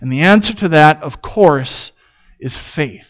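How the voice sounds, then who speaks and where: A man preaching a sermon in a slow, measured way with touches of dry humor. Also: a little high, animated. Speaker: pastor. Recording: slightly dull lo-fi sound.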